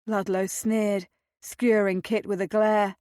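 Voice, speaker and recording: A woman narrating a romance novel aloud in a measured, dramatic reading. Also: mid-range voice, little pitch movement, mellow, no room sound, studio quality. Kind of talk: audiobook narration.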